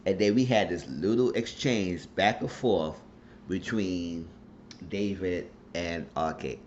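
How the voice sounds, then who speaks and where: A man with a deep voice talks through a TV episode recap in a loose, rambling, colloquial way. The recording sounds dull and lo-fi, with a faint hiss behind him. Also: takes it slowly, darkish tone. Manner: rambling, colloquial retelling of scenes. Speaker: TV show recap reviewer.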